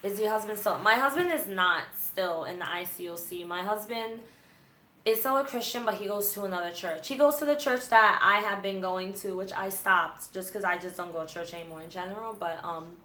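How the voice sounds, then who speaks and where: A woman hosting a livestream, chatting candidly about her past in a church group and reading viewer comments aloud, with a sarcastic, animated way of telling stories. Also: mid-range voice, fairly quick, reverberant.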